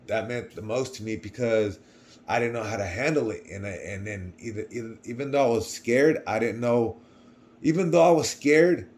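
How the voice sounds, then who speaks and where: A young man telling a personal story to camera in a casual, rambling way, often repeating himself. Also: lowish voice. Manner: rambling, repeats words, swings between quiet and loud. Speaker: vlogger.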